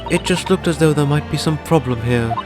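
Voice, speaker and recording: A man's voice: fairly high pitch, a little fast, music in the background, pitched above the performer's own voice, natural voice. A man voicing a polite, earnest young female assistant with formal, courteous speech. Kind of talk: fan voicing a game.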